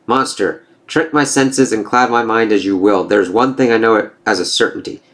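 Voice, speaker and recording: A man's voice: fairly low pitch, moderate pace, fairly bright tone, close to an everyday voice. A man reading the lines of a stern, proud male thunder god from a comic, declaiming in solemn oaths. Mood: defiant.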